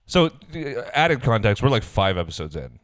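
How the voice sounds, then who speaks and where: A man's voice: mid-range voice, big pitch swings, normal speed, dry recording, clean studio sound. A man co-hosting a podcast, chatting casually and laughing as he acts out quotes. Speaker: podcast co-host. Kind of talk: casual chat recapping a reality show.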